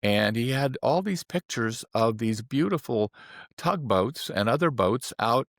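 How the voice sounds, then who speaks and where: A man in his seventies, an acupuncturist, telling personal stories in a relaxed anecdotal way. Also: mid-range voice, a little slow, dry recording, clean studio sound. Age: 70s. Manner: relaxed anecdotal, acting out quoted voices. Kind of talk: personal storytelling.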